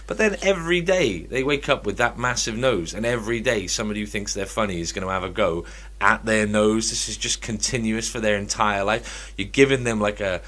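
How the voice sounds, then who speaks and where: A man's voice: lowish voice, a bit bright. A man co-hosting a casual chat podcast, talking in a wry, teasing, joking way. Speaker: podcast co-host.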